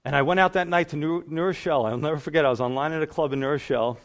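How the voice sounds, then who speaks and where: A man's voice: fairly high pitch, racing. A man, a pastor giving a sermon testimony, telling his story and acting out the voices in it. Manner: storytelling, acts out voices in quotes.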